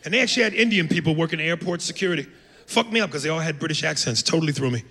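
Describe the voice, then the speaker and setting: On a comedy club stage, an American man delivers a brash, profane stand-up set, jumping into loud impressions. His voice is a little high, animated, creaky and racing, and the live recording carries reverb and room noise.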